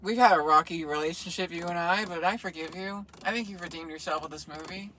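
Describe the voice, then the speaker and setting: A man's voice: a little high, fast talker, sharp tone, a little hiss or hum. A man co-hosting a casual movie review chat, sarcastic with crude jokes. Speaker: co-host.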